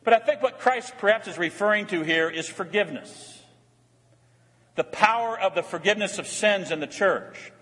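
A man's voice: sits high, normal speed, fairly bright tone. An older man, a pastor preaching a sermon in a church, with earnest emphasis that rises and falls. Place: church sanctuary. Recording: long hall reverb.

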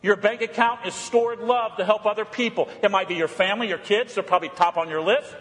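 A male pastor preaching a sermon in an animated way, climbing high for emphasis and dropping low and quiet for reflection. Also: brisk. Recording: long hall reverb.

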